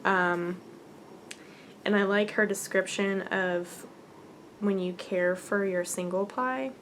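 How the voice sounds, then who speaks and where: A woman hosting a casual podcast and showing things to the camera. She gushes excitedly and often drops to a near whisper. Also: medium pitch, slow pace, a little hiss or hum. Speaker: podcast host.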